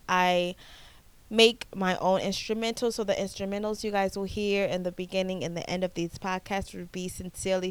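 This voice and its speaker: A young woman from the United States talks straight to her listeners in a loose, animated solo podcast, often restarting her sentences. Her voice is smooth and clear at a middle pitch. The sound is close and dry, with no room around it. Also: no room sound. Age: 20s. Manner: chatty, animated, repeats herself and restarts often. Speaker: podcast host. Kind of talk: casual solo podcast chat.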